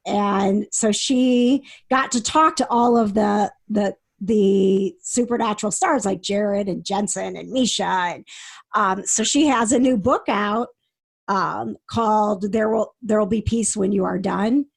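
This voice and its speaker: As co-host of a casual podcast, a woman chats and giggles through her stories, often restarting sentences. Her voice is medium-pitched and measured in pace, creaky with a breathy edge.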